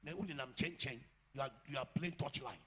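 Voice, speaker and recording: A man with a Ghanaian English accent preaching a sermon as pastor, swinging from quiet asides to loud shouts. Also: medium pitch, a little fast, husky. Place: church.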